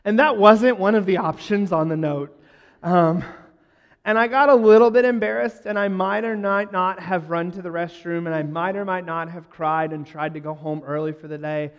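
A man with a light, high-pitched voice tells self-deprecating stories to a crowd, breaking into joking asides. His voice carries a long reverb, as from a large hall. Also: fairly even intonation, normal speed, clean tone, muffled recording. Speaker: speaker addressing a live audience. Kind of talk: humorous talk to a crowd.

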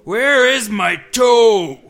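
A man voicing a groaning monster hunting for its lost toe, drawn out slow and loud. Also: very high-pitched, faint music behind, voice pushed up, heavily acted.

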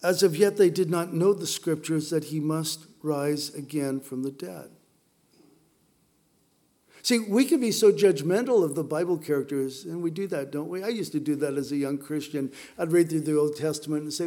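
A man's voice: a little high, moderate pace, dark tone. A middle-aged man preaching a sermon, telling the story with playful asides to the congregation. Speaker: pastor.

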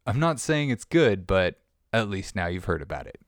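A man's voice: lowish voice, very animated, moderate pace. A man hosting a podcast, talking casually in a rambling, jokey way with restarts, recorded in a studio. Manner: rambling, self-interrupting, jokey. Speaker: podcast host. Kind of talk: casual monologue.

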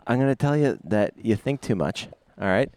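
A man in a casual walking chat who answers in short, dry replies. His pitch swings widely from word to word. It is recorded outside on a city street. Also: animated, moderate pace, darkish tone, dry recording. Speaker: podcast co-host.

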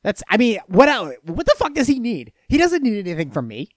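A man's voice: fairly quick, no room sound, clean studio sound. A man from Florida chatting casually with his stream, telling stories and answering chat questions in a profane, rambling way. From Florida, USA. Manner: profane, storytelling, lively swings in pitch and loudness.

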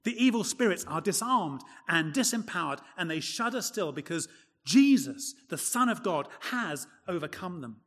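A man preaching a sermon from the pulpit with emphatic, expressive delivery. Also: high-pitched, moderate pace. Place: church. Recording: long church reverb.

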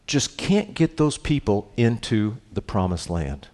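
Guy preaching a bible study, keeps asking "right?", goes quiet then gets worked up. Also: on the low side, a little slow. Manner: questioning, checks in with "right?"; swings between hushed and animated. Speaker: pastor teaching a Bible study. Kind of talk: conversational sermon.

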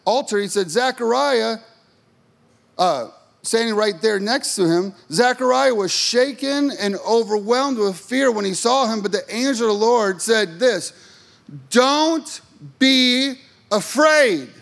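High-voiced, unhurried male pastor preaching. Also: animated, vocal fry, fairly bright tone. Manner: emphatic, rhetorical call-and-response questions; joking asides to the congregation. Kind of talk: sermon.

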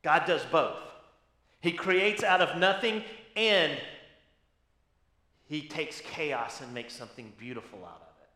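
A man's voice: fairly high pitch, measured pace, pauses often, pushed and bright, echoey room. A man preaching a sermon as pastor, teaching with emphasis and asking rhetorical questions.

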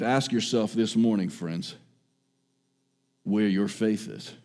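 A man preaching a sermon with emphasis, repeating key phrases and swinging between raised exhortation and hushed, quiet lines. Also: lowish voice, fairly even intonation, normal speed. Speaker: pastor.

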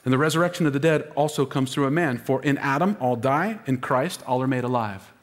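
Preaching at Easter as the lead pastor, a man speaks fairly quickly in a mid-range voice that carries a big-room sound. He's emotional and keeps calling on the congregation to answer back.

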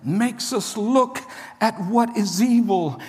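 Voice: medium pitch, takes it slowly, darkish tone. A preacher delivering a sermon to a congregation, emphatic, repeating key phrases and urging the listeners on. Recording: long hall reverb.

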